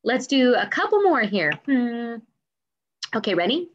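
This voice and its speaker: A woman teaches young children music over video, stretching words into slow, bouncy syllables. Her voice sits a little high and leaps up and down, kept unhurried for little listeners. The audio is a bit dull, like a simple camera mic. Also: big pitch swings, a little hiss or hum. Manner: sing-song, drawn-out syllables, encouraging questions.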